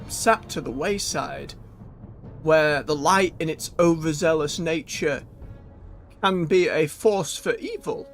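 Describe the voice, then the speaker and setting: Brief: male game streamer, slightly high voice, relaxed running commentary, faint music behind. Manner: chatty, thinks aloud, self-correcting.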